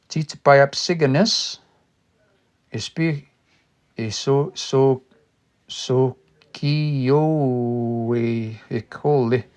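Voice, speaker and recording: Man slowly sounding out words. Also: medium pitch. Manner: thinks aloud, sounds out words slowly and repeats them. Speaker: language teacher. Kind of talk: casual livestream language study.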